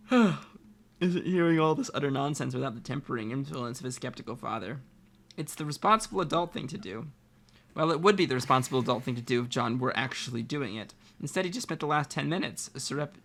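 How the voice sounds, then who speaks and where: Bright-voiced man reading a story aloud. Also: mid-range voice, creaky. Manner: reading aloud with frequent stumbles and restarts. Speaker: reader, co-host.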